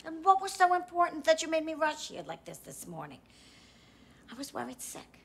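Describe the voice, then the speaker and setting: A woman's voice: sits high, big pitch swings, moderate pace, creaky, full character voice. An actress playing a pushy, churchgoing mother who scolds her grown daughter in a short film. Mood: scolding. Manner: scolding, exasperated.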